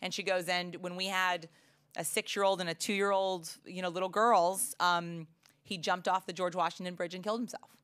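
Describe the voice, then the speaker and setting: Bright-voiced woman professor. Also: fairly low pitch, steady tone, moderate pace, clean tone. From United States. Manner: chatty, many fillers and restarts, laughs often. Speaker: psychology professor giving a talk. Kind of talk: storytelling answer in a Q&A.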